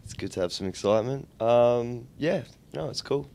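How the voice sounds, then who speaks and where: A man's voice: mid-range voice, normal speed, gravelly, mellow. An Australian man in a band, answering interview questions with dry, rambling jokes. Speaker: band member. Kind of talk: casual interview.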